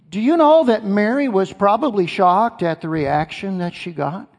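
A man's voice: high-pitched, moderate pace, few pauses. A male pastor preaching a sermon, emphatic, repeating key phrases and asking his congregation questions. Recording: long hall reverb.

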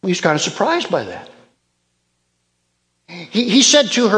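Pastor, male, high voice, deliberate slow delivery, emphatic repeats, echoing hall. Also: huge pitch swings, fairly bright tone. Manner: emphatic preaching with repeated phrases. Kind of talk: sermon.

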